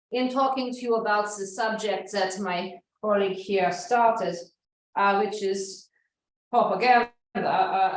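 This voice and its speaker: A woman's voice: mid-range voice, natural voice. A woman playing a pompous clown psychoanalyst professor with a German accent, rambling self-importantly on stage. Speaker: comedic stage performer. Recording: roomy sound from far off.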